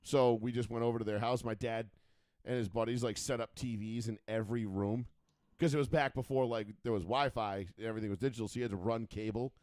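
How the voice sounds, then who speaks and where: A man in his thirties co-hosts a call-in sports chat show, rambling through profane stories packed with fillers. His mid-range voice is steady, quick and a little mellow, recorded with clean studio sound and no echo.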